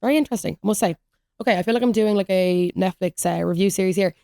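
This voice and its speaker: A woman's voice: medium pitch, fast talker, gravelly, dark tone, no echo, clean studio sound. A young woman, hosting a podcast and rambling through stories in chatty, casual talk. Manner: chatty, rambling storytelling with lots of "like". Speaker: podcast host. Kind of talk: solo podcast rant, casual chat.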